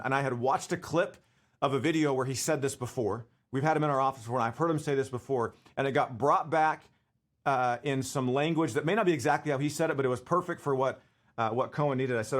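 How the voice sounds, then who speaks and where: A man in his forties giving a casual leadership talk to camera, conversational and full of fillers and restarts. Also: medium pitch. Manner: conversational, full of fillers and restarts, laughs while telling stories.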